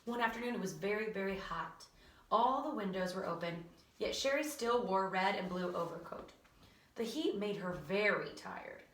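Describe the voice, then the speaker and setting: A woman teacher reading a children's book aloud in an animated way, with chatty asides. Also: medium pitch, moderate pace. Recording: roomy echo, distant from mic.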